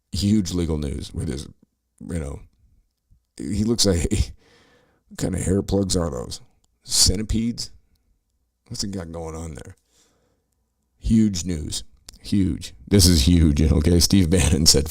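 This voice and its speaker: A man's voice: sits low, expressive, measured pace, vocal fry, long pauses, a little mellow, no room sound. A middle-aged man hosting a podcast, ranting and swearing sarcastically while reacting to news clips. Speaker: podcast host. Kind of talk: profane political commentary over news clips.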